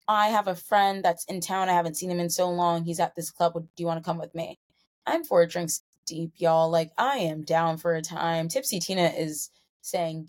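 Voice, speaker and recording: Tipsy woman rambling through a story. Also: lowish voice. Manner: chatty, breathless rambling with laughs and self-corrections. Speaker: podcast host. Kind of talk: solo storytelling podcast.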